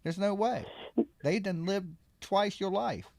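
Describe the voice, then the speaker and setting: A man's voice: high-pitched, slow, creaky, darkish tone, no room sound. A man hosting a live call-in show from his studio, talking in a loose, slangy, joking way and sounding congested. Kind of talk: casual call-in chat. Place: home studio.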